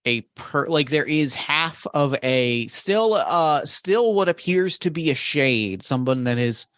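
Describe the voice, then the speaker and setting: A man narrating a tabletop game as game master, in a halting way, often restarting his sentences. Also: on the high side, lively intonation, a bit bright, clear, resonant tone, no room sound, clean studio sound. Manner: halting, full of restarts and fillers.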